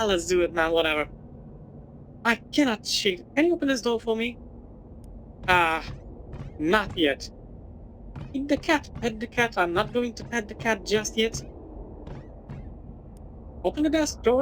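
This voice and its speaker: A woman's voice: medium pitch, animated, normal speed, long pauses, a bit bright, slight background noise, poor audio. Woman reading game text with dry asides. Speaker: gaming channel host. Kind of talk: let's play commentary, reading game text aloud.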